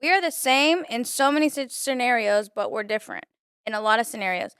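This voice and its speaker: A woman's voice: a little high, animated, brisk, fairly bright tone, clean tone, no room sound, studio quality. A young woman chatting casually on a podcast as a guest, earnest and talkative, saying "like" often. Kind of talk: casual chat.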